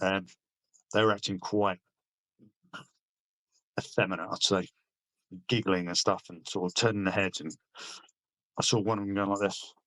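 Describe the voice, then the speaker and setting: Man, middle-aged, from Britain, low voice, dry sound, blunt, sweary, halting. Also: fairly bright tone, no echo. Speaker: army veteran guest. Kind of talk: casual interview storytelling.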